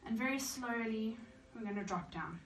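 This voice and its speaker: A woman's voice: on the high side, normal speed. A woman teaching a yoga class and calling out breathing and squat cues while doing the moves herself, a little out of breath. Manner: calm counting cues while exercising. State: slightly out of breath. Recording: echoey room, mic far off, faint hiss.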